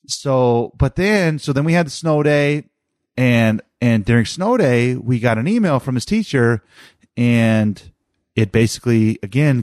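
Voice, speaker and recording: A man's voice: medium pitch, darkish tone, dry recording, studio quality. A man in his thirties chatting casually about his son, rambling with many restarts and fillers. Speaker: father telling a family story. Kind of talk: casual chat.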